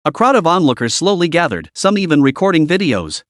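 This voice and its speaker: A male narrator reading a comic recap story in a dramatic, scripted way. His voice sits fairly high and swings through a wide pitch range, and the recording is close and dry. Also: sing-song, brisk, no echo.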